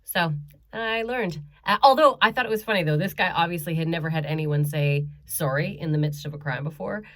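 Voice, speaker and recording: A woman's voice: fairly low pitch, fairly quick, a bit bright. A woman doing a stand-up comedy set from her bedroom at home, chatty and self-mocking, with frequent ums and laughs. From Canada.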